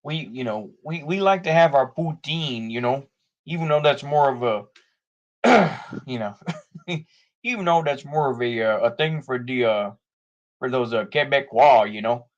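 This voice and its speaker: A man's voice: mid-range voice, lively intonation, measured pace, highs cut off. A man putting on a mocking, stereotyped Canadian accent, playing a meek, folksy Canadian man who ends his lines with "eh". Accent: put-on Canadian. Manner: sing-song, ends lines with "eh" and "you know".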